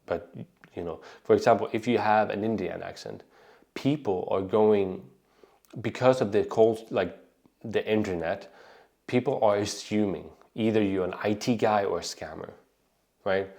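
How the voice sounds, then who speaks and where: A man's voice: on the low side, a little slow, gravelly, darkish tone. A man from Sweden with a light Swedish accent, talking casually as an online business coach, often checking in with "right?" and restarting sentences. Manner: conversational, frequent "right?" tags and restarts. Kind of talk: casual advice talk to camera.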